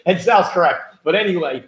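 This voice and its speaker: Animated man ranting on a roomy podcast. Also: high-pitched, a little slow. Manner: animated storyteller, rising emphatic rants. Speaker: podcast co-host. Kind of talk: casual political chat. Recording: roomy echo.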